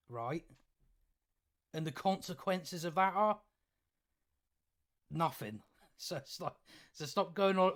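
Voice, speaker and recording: A man's voice: a little high, a bit bright. A male YouTube commentator ranting sarcastically, swearing, chuckling and often restarting his sentences. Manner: halting restarts.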